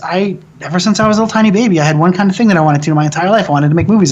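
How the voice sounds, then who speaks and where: A film director from the American Midwest talks through a personal story in a relaxed interview. He swears freely and rambles animatedly, often restarting his sentences. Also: sits high, racing, few pauses.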